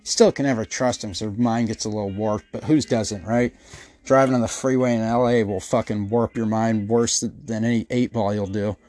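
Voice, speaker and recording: A man's voice: on the low side, steady tone, moderate pace, darkish tone, no echo. A man hosting a podcast, telling rambling, profane stories and acting out the people he quotes. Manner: swears constantly, rambling storyteller who acts out quotes. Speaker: podcast host. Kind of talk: profane comedic rant.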